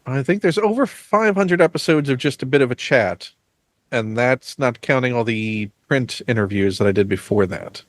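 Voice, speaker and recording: Male host, chatty and teasing, mid pitch, dry close-mic sound. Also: animated, moderate pace, dry recording. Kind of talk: casual interview.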